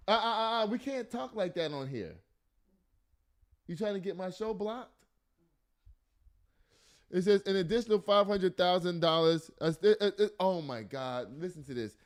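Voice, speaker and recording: A man's voice: high voice, expressive, a little slow, pauses often. A man hosting a casual news podcast, reading stories aloud and breaking off into exasperated, joking asides. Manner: laughs and jokes often. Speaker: podcast host.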